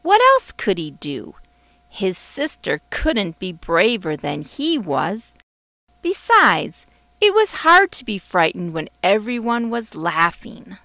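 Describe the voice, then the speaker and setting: A woman, the author, narrating her children's storybook in a gentle, expressive way. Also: medium pitch, slow pace, vocal fry, no room sound. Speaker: author reading her book. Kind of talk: audiobook narration.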